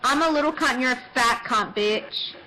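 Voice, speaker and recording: High-voiced woman taunting in a noisy chat. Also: normal speed, sharp tone. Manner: mocking, taunting with swearing. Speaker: voice chat room user. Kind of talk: heated online argument.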